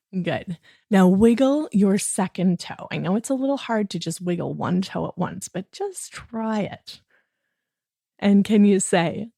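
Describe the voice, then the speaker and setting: Slow, gentle, gravelly-voiced woman. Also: medium pitch, no room sound, clean studio sound. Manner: gentle, coaxing, speaks directly to a child listener. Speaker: host of a children's bedtime podcast. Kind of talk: bedtime guided relaxation for children.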